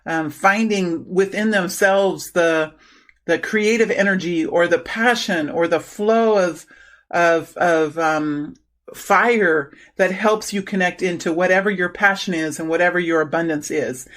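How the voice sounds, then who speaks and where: A middle-aged woman giving an intuitive tarot reading, talking slowly and haltingly with many fillers and restarts. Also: fairly low pitch. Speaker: tarot reader.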